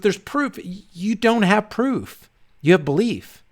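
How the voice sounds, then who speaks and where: A man hosting his channel, ranting in a casual livestream, rambling and animated with frequent restarts. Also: sits high, slow. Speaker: channel host.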